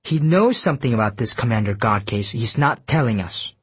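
A man's voice: medium pitch, lively intonation, brisk, a bit bright, husky, no echo. A man reading an audiobook and voicing a fierce, stubborn young woman agent in a raised, insistent tone. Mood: accusing. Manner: insistent, accusing. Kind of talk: audiobook narration.

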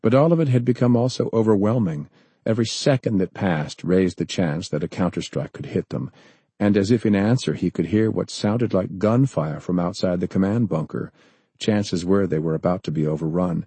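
A man reads a thriller in measured, steady narration. His voice is low, dark and husky, recorded close and dry with no room sound. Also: no echo. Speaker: audiobook narrator. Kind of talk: scripted narration.

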